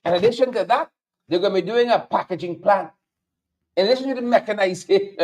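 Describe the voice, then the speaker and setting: Guyanese guy ranting on his show, real high voice that jumps all over, sarcastic and mocking. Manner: sarcastic, mocking, repeats lines for emphasis. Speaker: show host. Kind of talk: political commentary monologue.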